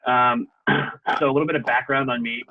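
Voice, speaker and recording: A young adult man giving a relaxed, explanatory safety talk over a video call, with frequent fillers. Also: medium pitch, a little fast, slight background noise. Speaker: sports medicine presenter. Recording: tinny phone-like call audio.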